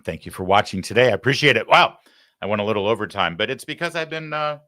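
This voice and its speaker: A man's voice: lowish voice, lively intonation, fast, bright, forceful tone, dry recording. A man hosting a live political talk show, delivering heated, sarcastic commentary into a studio microphone.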